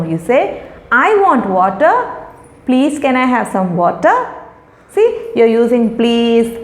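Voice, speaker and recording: A middle-aged woman teacher, patiently sounding out and explaining words for young children. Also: sits high. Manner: patient, repeats and explains each word. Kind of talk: recorded lesson for young children. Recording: echoey room.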